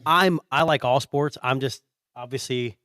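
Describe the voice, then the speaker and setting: A man's voice: medium pitch, a little slow, fairly bright tone, dry recording, studio quality. A man co-hosting a podcast in casual chat, joking and easygoing. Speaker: podcast co-host.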